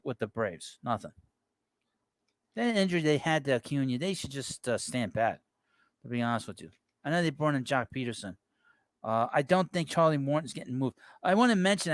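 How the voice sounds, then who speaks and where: A man's voice: on the high side, expressive, moderate pace, no room sound. A man hosting a casual live baseball talk show, rambling as he reads viewer messages aloud and reacts to them offhand. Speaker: sports talk show host. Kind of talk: casual live-stream chat about baseball.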